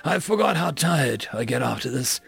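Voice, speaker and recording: A man voicing a wounded, exhausted young man who speaks haltingly, stammering and meandering in pain. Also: mid-range voice, sing-song, vocal fry, a bit bright, slightly rough, no echo, full character voice.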